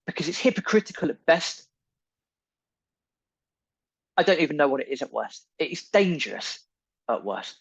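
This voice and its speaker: A man's voice: on the high side, sing-song, a little fast, vocal fry, husky, dry recording, low-quality recording. A man hosting a podcast, delivering an indignant, emphatic opinion monologue full of repeated phrases. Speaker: podcast host.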